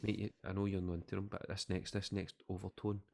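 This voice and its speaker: A man's voice: deep voice, little pitch movement, quick pace, vocal fry, darkish tone. A Scottish man co-hosting a podcast, rambling and joking in casual chat. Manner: rambling, jokey, trailing off. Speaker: podcast co-host.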